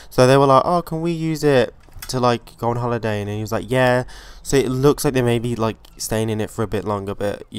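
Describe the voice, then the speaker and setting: A man hosting a let's play, giving chatty, excitable gameplay commentary and swearing freely. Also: lowish voice, clean tone.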